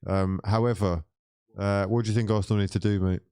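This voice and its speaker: A man's voice: lowish voice, fairly even intonation, dark tone, clean tone, dry recording, clean studio sound. A man hosting a football call-in stream, teasing his callers and calling them frauds in casual banter. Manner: teasing, calls callers frauds, quick offhand remarks.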